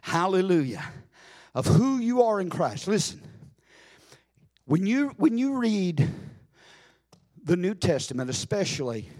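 High-voiced, slow, fervent preacher man. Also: big pitch swings. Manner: fervent, building to shouted exclamations of praise; repeats phrases and calls out hallelujah. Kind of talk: sermon.

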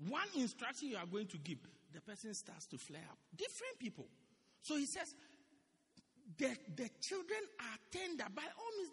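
Man preaching in a big echoey church, high bright voice, a bit husky, keeps repeating stuff to hammer it home. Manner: animated, repeats phrases for emphasis. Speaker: pastor. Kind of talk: sermon. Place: church hall.

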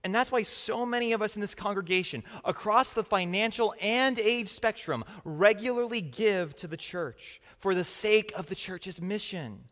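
A man speaking to a church congregation in an earnest, measured way. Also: high voice, fairly bright tone. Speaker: church leader. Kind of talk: church address. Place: church sanctuary. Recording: long hall reverb.

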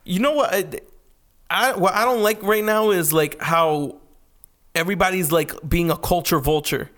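High-voiced young man, profane and animated. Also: moderate pace. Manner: profane, animated, laughs often. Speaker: podcast co-host. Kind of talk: casual chat.

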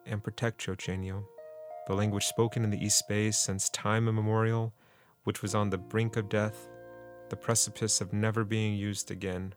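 A young man from California's East Bay, a language teacher, recounts his people's language history with earnest, measured reflection in a fairly low-pitched voice.

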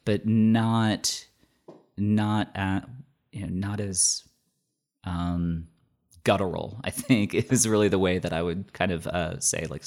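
A man with a very low, deep voice talks in relaxed, easygoing chat. He rambles, circling back with fillers and restarts as he thinks aloud. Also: vocal fry. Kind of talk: casual chat.

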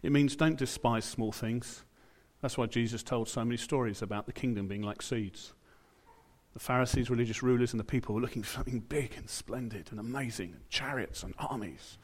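A British man preaches a church sermon conversationally, dropping in asides and acting out quotes. His voice is medium in pitch, fairly quick, with a breathy edge.

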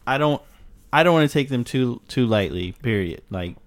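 A man's voice: medium pitch, expressive, normal speed. A man co-hosting a casual podcast, explaining procedures in a matter-of-fact way and swearing casually. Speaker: podcast co-host. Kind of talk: casual chat.

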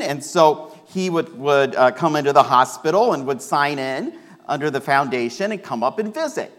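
A male pastor with a Midwestern American accent delivers a sermon, slipping into a personal story. His voice sits a little high and swings widely as he acts out what people said. The delivery is lively and conversational.

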